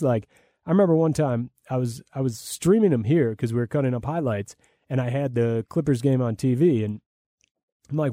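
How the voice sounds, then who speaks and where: A man's voice: mid-range voice, mellow, dry recording, clean studio sound. A man, a play-by-play broadcaster, answering interview questions in a rambling, enthusiastic way with many fillers and restarts.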